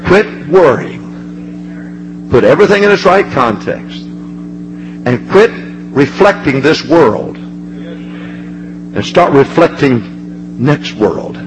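A man preaches with fire, his voice sitting high and swinging widely. He climbs to ringing shouts, then sinks to low, hushed pleading. A steady hum and noise run under the recording. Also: extremely slow, pauses often. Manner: fervent, rising to shouts, dropping low and hushed. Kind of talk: sermon.

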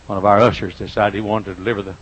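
An older man preaching a folksy sermon in a church, swinging from quiet asides to loud, drawn-out emphasis, with a husky voice. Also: lowish voice, flat delivery, lo-fi sound. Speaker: pastor. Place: church auditorium.

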